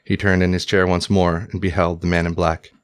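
Deep-voiced male audiobook narrator. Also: level tone. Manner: measured, formal storytelling.

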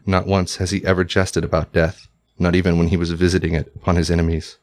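A man's voice: deep voice, level tone, fast talker, darkish tone, lightly acted. A man voicing an aging, steely male servant who speaks curtly and commandingly. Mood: stern. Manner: curt, commanding. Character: aging, steely male Italian retainer, stern.

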